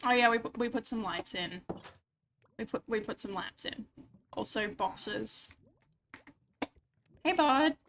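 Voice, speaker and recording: A woman's voice: medium pitch, unhurried, background noise. A woman with a stuffy nose, chatting casually and rambling with self-mocking asides while she streams a game at home on a desk microphone. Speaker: livestreamer. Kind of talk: casual chat while gaming.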